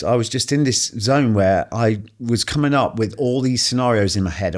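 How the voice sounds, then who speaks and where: A man's voice: medium pitch, moderate pace. Man telling a swearing-laced story. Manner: animated, profane anecdotes with acted-out quotes. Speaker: guest, author. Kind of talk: casual storytelling conversation.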